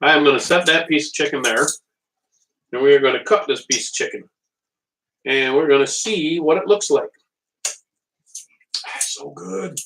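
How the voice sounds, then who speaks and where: His voice is fairly high and fairly bright, moving at a normal speed but broken by long pauses. As the host of a live home cooking stream, he jokes and rambles with viewers while waiting on a small portable stove in the kitchen. The recording comes from a distant mic.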